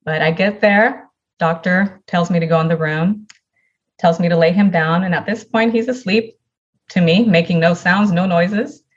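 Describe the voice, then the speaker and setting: A woman's voice: fairly low pitch, normal speed, highs cut off. A woman, a podcast guest, earnestly telling a personal story and acting out the dialogue in it.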